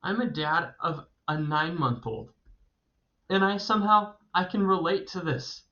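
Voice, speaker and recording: A man's voice: a little high, expressive, unhurried, bright, forceful tone. A man in his thirties teaching creative writing in a recorded video lecture, talking in an enthusiastic, conversational way and laughing often. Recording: dull lo-fi recording.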